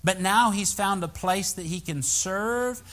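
A male pastor preaching a sermon in a church, telling a story with animated, emphatic rises in his voice. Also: high-pitched, a little slow.

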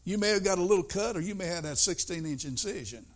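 A middle-aged man preaching a sermon, folksy and storytelling, swinging between soft asides and loud bursts. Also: high voice, lively intonation, quick pace.

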